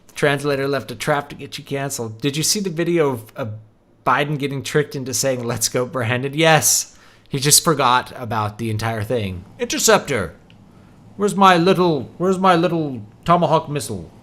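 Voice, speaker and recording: A man's voice: mid-range voice, lively intonation, moderate pace, a bit bright. A man giving casual, joking commentary while playing a video game at his computer desk, laughing often. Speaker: let's-play host. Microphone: desk microphone at a computer.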